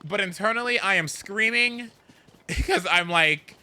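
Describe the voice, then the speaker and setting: A man chatting casually while streaming a game, rambling and animated, with swearing and sudden whoops. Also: sits high, a little slow, clear, resonant tone. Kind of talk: casual gameplay chat.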